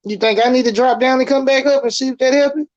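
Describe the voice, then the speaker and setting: A man's voice: extremely high pitch, fairly even intonation, fast talker, dry recording. A blunt, opinionated man talking as a guest on a live stream, his speech loose and full of slang. The sound is dry and close, with dull, lo-fi call audio. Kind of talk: casual live stream chat.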